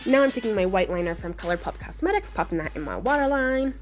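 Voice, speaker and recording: A young woman's voice, hoarse and a bit rough from being sick, talks through a makeup tutorial. She keeps it chatty, relaxed and self-deprecating, with soft music playing faintly behind her. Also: medium pitch, fast talker. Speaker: beauty vlogger.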